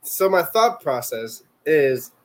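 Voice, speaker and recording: Guy on a word quiz, jokey, talks out his guesses, voice sits a bit high. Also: big pitch swings, takes it slowly. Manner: joking, talks through his reasoning. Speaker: quiz contestant. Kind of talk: casual quiz banter.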